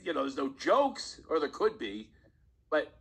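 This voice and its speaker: A man with a husky voice tells stories as a comedian guest on a podcast. His manner is animated, and he often chuckles as he speaks. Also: a little high, measured pace, poor audio. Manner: animated storyteller, laughs while talking. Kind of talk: casual podcast storytelling.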